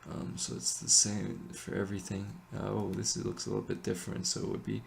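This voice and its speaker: A man explaining a chant melody in a relaxed, halting way, pausing often with fillers and correcting himself. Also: fairly low pitch, gravelly. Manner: hesitant, many ums and self-corrections. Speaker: chant teacher. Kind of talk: casual explanation with sung chant examples.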